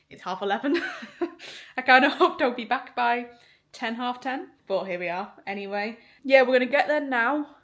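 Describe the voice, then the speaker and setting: A young vlogger from Liverpool, England, with a mid-range voice and a faint Northern English accent, chats casually through her day indoors in her home kitchen and flat. She swears freely and laughs often, recorded on a handheld phone or camera.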